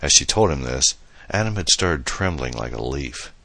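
A man reading an audiobook novel as narrator, in steady, measured storytelling. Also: very deep voice, no echo. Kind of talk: scripted narration.

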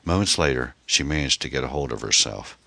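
A man narrating a mystery novel in an expressive, dramatic storytelling manner. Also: a bass voice, fairly quick, vocal fry, no echo. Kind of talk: audiobook narration.

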